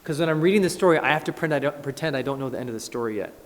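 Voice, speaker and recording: A man, a pastor, preaching a conversational, animated sermon in a church and acting out scripture. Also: mid-range voice, racing. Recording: echoey church hall.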